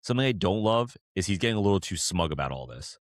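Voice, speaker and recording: A man's voice: low voice, big pitch swings, fast, dry recording, studio quality. A man co-hosting a podcast, chatting casually about football in a rambling way with lots of fillers and restarts. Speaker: podcast co-host.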